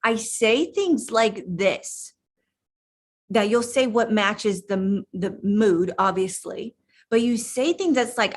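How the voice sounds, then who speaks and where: A woman's voice: mid-range voice, slow. A middle-aged woman coach giving an emphatic motivational talk, repeating words and restarting her sentences. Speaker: life coach.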